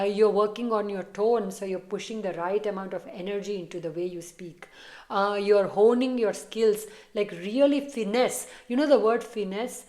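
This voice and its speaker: A woman's voice: mid-range voice, a little mellow. A woman tarot reader talking casually and reassuringly straight to her viewers as she gives a reading. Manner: chatty, reassuring, direct address to viewers.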